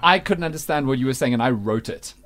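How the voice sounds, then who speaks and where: Lively radio host. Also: male voice, mid-range voice, quick pace, very noisy. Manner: lively, teasing, explains carefully. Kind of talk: breakfast radio banter.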